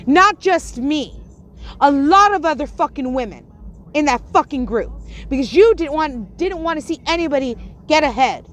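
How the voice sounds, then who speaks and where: On her livestream, a woman from Puerto Rico rants angrily, swearing, scolding, and confronting. She speaks at normal speed in an expressive voice that sits high.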